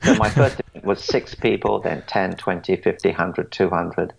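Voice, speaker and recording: A man's voice: sits low, moderate pace, gravelly, husky, low-quality recording. A man in his forties telling his story as a podcast guest, earnest, often stammering and restarting, acting out what others said to him. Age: 40s. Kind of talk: storytelling interview answers.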